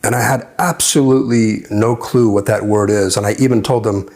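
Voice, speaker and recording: A man from the United States recounts his own conversion in a personal testimony, in a fairly low voice. He tells it as a story with plenty of fillers. He acts out the voices of the people in it. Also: fairly even intonation, normal speed, darkish tone.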